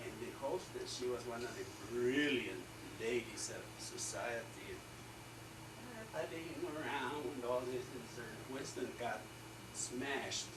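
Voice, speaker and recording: A man's voice: mid-range voice, measured pace. An older man, an artist, telling jokes and stories in a rambling, laughing way, recorded from a distance in an echoey, noisy room. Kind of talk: casual joke-telling. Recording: echoey room, distant mic, loud noise.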